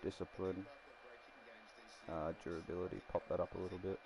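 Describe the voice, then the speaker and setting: A man's voice: sits low, flat delivery, a little fast, vocal fry, crowd noise, rough recording. A man casually commenting while building a rugby team in a game, rambling and laughing often. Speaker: gaming streamer.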